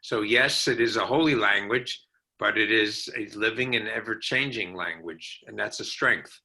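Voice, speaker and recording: A man giving his opinion in a measured, thoughtful way during a casual group discussion over a video call. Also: lowish voice, sharp tone.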